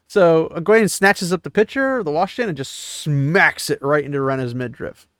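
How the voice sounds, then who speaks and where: A man's voice: fairly high pitch, expressive, moderate pace, hardly any pauses, a bit bright, dry recording, studio quality. A man giving a casual recap of a fantasy novel, chatty and digressive, breaking off into asides and questions. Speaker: book discussion host.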